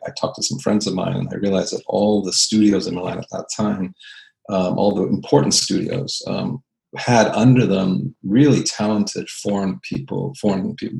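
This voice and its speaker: Low-pitched man, heavy vocal fry, from Canada, architect telling his story, thoughtful with many restarts. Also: darkish tone, low-quality recording. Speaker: architect and designer. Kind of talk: reflective interview storytelling.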